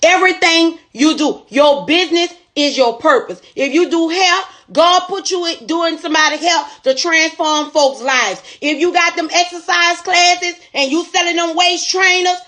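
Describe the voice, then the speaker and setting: A woman's voice: very high-pitched, normal speed, few pauses, sharp tone. A woman store owner telling a motivational testimony in a folksy, preachy storytelling way.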